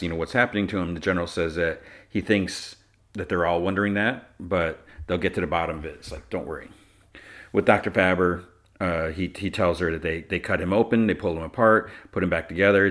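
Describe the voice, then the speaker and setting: On his podcast, a man whose voice sits low with a touch of brightness gives a laid-back recap of a TV episode. Scenes get retold, characters' lines are quoted in his own voice, and fillers and laughs pop up throughout.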